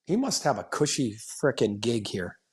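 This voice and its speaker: A man's voice: mid-range voice, sing-song, normal speed. A middle-aged man, a former player, co-hosting a casual sports podcast and telling stories in a blunt, joking way. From Canada. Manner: blunt, storytelling, laughing asides.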